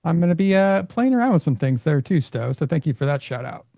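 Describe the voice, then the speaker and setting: A man's voice: fairly high pitch, sing-song, quick pace, creaky, warm tone, dry recording, clean studio sound. A man on a live trading show chatting in an upbeat way about trying out new tools. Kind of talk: casual chat.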